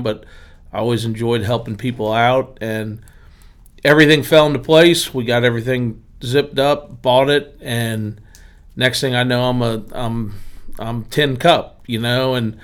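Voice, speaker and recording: A man's voice: mid-range voice, normal speed. A man from Pennsylvania, a driving range owner, telling anecdotes in casual chat and acting out the quotes. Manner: animated anecdotes with acted quotes. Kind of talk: casual storytelling.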